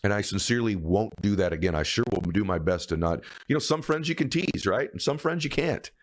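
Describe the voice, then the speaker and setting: Deep-voiced man in his fifties, earnest. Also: lively intonation, a little fast. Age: 50s. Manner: earnest, emphatic, storytelling. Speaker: motivational speaker. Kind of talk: motivational speech.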